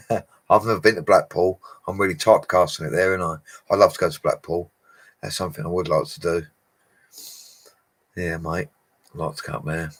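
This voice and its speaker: During a casual livestream Q&A, a bricklayer with a low-pitched voice fields viewers' questions in a matey, easygoing manner, laughing often. He keeps a steady tone at normal speed, with long pauses.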